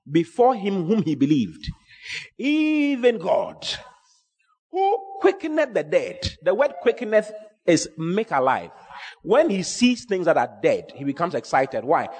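A man's voice: sits high, a little mellow, breathy edge, long reverb tail. A man, preaching a sermon with emphatic, repeating phrases.

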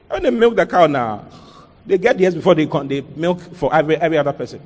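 A man's voice: fairly high pitch, expressive, fast, a little mellow, in a large hall. A man preaching a sermon as pastor, emphatic and full of rhetorical questions and sudden "Hey!" interjections.

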